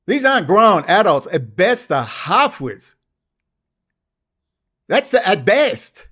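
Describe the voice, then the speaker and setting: Angry profane high-voiced Australian man. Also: very animated, slow, long pauses, fairly bright tone, husky. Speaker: channel host. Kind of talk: ranting monologue.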